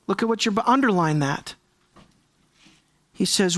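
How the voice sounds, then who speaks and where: A pastor preaching a sermon, firing rhetorical questions at the listeners and swinging from raised, high-pitched emphasis down to hushed, near-whispered lines. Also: animated, measured pace. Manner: fires rhetorical questions at the congregation.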